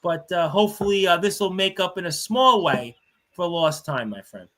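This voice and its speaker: A man hosting a live-streamed sports talk show, chatty and rambling, with many fillers and shout-outs to viewers. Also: sits high, animated, moderate pace. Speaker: radio show host.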